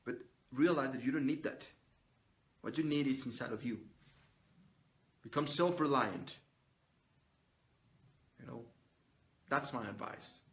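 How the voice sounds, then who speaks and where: An unhurried man with a medium-pitched voice pauses often as he records a coarse, straight-talking motivational message on his phone or camera. The vlogger swears without restraint and presses viewers to stand on their own.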